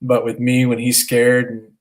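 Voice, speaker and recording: A man in his thirties co-hosting a casual podcast, telling a long story in a middle-pitched voice. He rambles earnestly, stopping and restarting his sentences as he goes. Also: completely flat delivery, measured pace. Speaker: podcast co-host, father.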